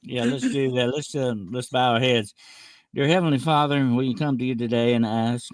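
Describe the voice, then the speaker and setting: A man who is a guest on an online talk show, joking in chat and measured and solemn as he leads a prayer. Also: medium pitch, fairly even intonation, darkish tone. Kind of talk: casual interview and spoken prayer.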